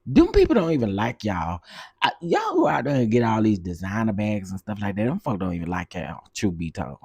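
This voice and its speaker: A low, husky male voice, dishing gossip in a sassy, chatty way. He laughs a lot and repeats his punchlines. The sound is dry and close, with a mellow, dark tone. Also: very animated, brisk, dry recording. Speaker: commentary show host. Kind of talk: casual commentary livestream.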